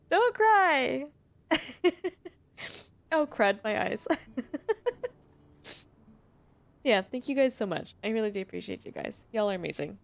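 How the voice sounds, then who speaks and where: This young adult livestreamer has a fairly high, gravelly voice, speaking briskly and very animatedly with hardly any pauses as she reads to viewers. She laughs constantly, gushes, and is close to tears.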